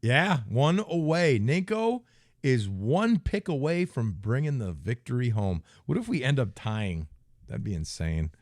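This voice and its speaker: A middle-aged man co-hosting a casual podcast chat, telling animated stories and mimicking people. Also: a little slow, no echo, clean studio sound. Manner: animated storyteller, mimics people with big pitch jumps. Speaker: co-host, former football player.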